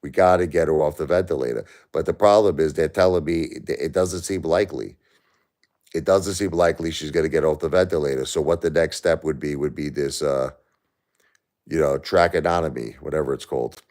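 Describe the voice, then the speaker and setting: A livestream host talks emotionally to his chat, sounding exhausted and distressed and repeating himself. His bass voice is steady and darkish in tone, and he speaks fairly quickly.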